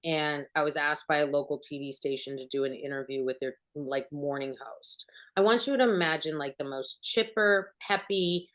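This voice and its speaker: A middle-aged woman acting coach answering panel questions, an animated storyteller who acts out bits of dialogue. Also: deep voice, moderate pace, hardly any pauses.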